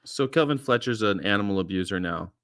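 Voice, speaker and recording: A man's voice: lowish voice, lively intonation, a little fast, a bit bright, a little hiss or hum. An American man hosting a casual chat, blunt and mocking in his jokes. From United States. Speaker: host.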